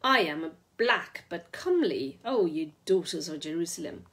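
A woman's voice: fairly low pitch, animated, normal speed, fairly bright tone. A woman reading aloud, voicing an older, brash and theatrical man who mocks himself. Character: older, brash, self-mocking Black man.

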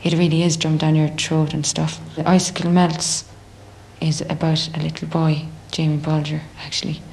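A young woman with an Irish accent and a low voice. She talks freely and animatedly in a casual interview, slipping into other people's voices as she tells stories. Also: moderate pace, vocal fry, slight background noise. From Ireland. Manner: chatty, animated, acts out others' voices in quotes. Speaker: singer in a band.

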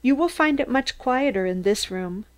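A woman's voice: mid-range voice, moderate pace, darkish tone, close to an everyday voice. Woman doing a friendly male police chief, cordial host, slightly raised voice, storybook reading. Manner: cordial and welcoming.

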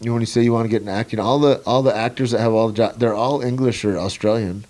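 A man in his late twenties hosts a podcast in a relaxed, casual chat. His talk is loose and slangy, full of swearing and rambling stories. His voice sits at an ordinary, middle pitch. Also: fast talker. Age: 20s. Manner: laid-back, slangy, profane storytelling. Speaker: podcast host.

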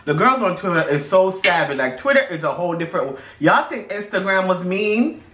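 A man's voice: sits high, expressive, a little fast, sharp tone. A man co-hosting a casual eating vlog, sassy and gossipy, calling everyone "girl" and "honey". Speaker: vlog co-host. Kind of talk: casual chat while eating. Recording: roomy echo.

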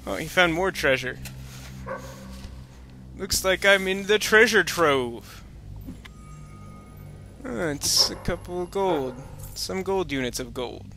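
A man's voice: sits high, animated, slow, long pauses, sharp tone, slight background noise. A man giving rambling, jokey commentary while playing a video game, full of sarcastic asides. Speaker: let's-play commentator. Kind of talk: casual gameplay commentary.

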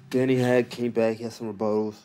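A man hosting a casual solo recap, talking in loose slang with lots of restarts, fillers and quiet asides. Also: medium pitch, flat delivery, moderate pace, clean tone. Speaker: battle rap recap host.

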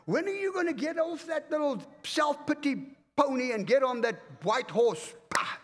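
A man from Africa preaching a fervent, commanding sermon in a church, swinging between loud and hushed. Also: very high-pitched, animated, normal speed. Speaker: pastor. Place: church auditorium. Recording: reverberant church hall.

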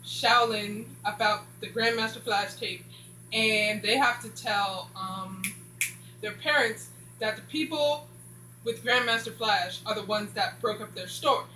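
Her voice is sharp and medium-pitched, and she speaks a bit slowly while casually running through a TV series. This show reviewer wanders off on tangents and says "blah blah" often to fill the holes; the room echoes and carries a faint hum.

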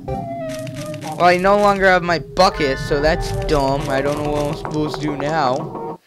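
Over game music, a let's play gamer casually comments while playing a video game, joking and rambling to himself playfully with jokey asides. His voice is a little high, sing-song and a little slow.

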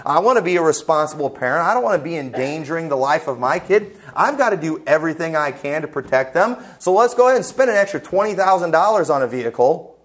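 A man's voice: on the high side, lively intonation, fast, natural voice. A man putting on a worried car-buying parent. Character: anxious mother sold on a safe car.

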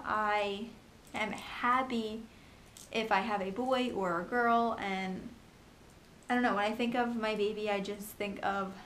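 A young woman in a casual home vlog, talking fast and chattily about her pregnancy, with lots of ums and likes. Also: medium pitch, a bit bright, slight background noise. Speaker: pregnancy vlogger. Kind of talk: casual chat.

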